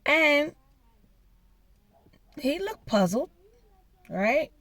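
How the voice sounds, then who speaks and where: A woman's voice: high-pitched, very animated, extremely slow, a bit bright, dry recording. A woman vlogger telling a personal story in a blunt, profane, emphatic way. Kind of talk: casual storytelling rant.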